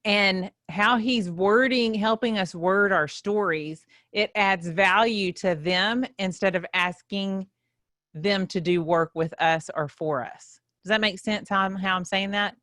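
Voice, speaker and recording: A woman's voice: medium pitch, measured pace, fairly bright tone, no echo. A woman, chatting casually as a guest in the host's chair in a podcast studio. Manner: chatty, laughing, self-conscious, Southern "y'all" talk. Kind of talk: casual chat.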